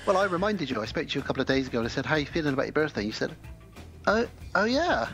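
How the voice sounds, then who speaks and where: A man's voice: mid-range voice, lively intonation, racing, fairly bright tone, faint music behind. A man co-hosting a podcast, telling anecdotes and teasing with dry jokes. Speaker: podcast co-host. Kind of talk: casual chat.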